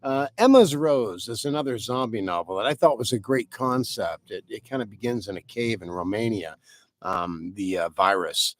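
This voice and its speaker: A man's voice: lowish voice, animated, moderate pace, no echo. Rambling man chatting on a live stream. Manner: rambling, swears casually. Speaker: author hosting a live stream. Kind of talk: casual live-stream chat.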